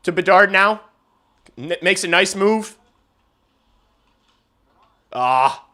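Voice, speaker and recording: A young man hosting a casual livestream, giving play-by-play of a hockey game, swearing and swinging from muttered asides to loud outbursts. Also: sits high, drawn-out words. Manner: excitable, swears, shifts between mumbled asides and loud outbursts. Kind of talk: casual live reaction and play-by-play.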